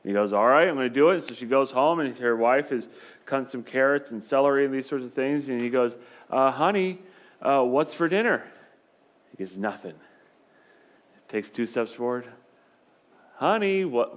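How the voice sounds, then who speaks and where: A man's voice: medium pitch, clear, resonant tone. A male pastor in his thirties giving a conversational sermon, telling humorous stories.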